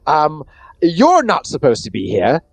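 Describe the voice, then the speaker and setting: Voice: medium pitch, wildly swooping pitch, measured pace, creaky, no room sound, exaggerated voice. A game master voicing a nervous, shifty male cat who stammers. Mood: flustered. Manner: stammering, flustered.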